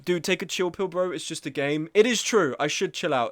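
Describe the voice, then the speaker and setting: A man's voice: fairly high pitch, a little fast, fairly bright tone. A man streaming a video game, ranting in an exasperated, self-mocking way about other players and his own bad luck. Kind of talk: casual gaming stream chat.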